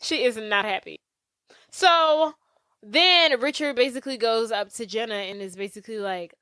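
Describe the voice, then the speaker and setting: A woman's voice: a little high, normal speed, clean tone, no echo. A woman co-hosting a podcast, animatedly recapping a film in casual chat and acting out the characters. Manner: animated storytelling, acts out characters. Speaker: podcast co-host.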